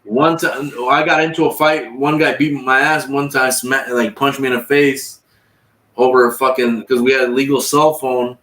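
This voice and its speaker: A man's voice: medium pitch, level tone, moderate pace, fairly bright tone. A man telling long, profane, rambling stories on a livestream and acting out what other people said. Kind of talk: casual storytelling. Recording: echoey room, far from the mic.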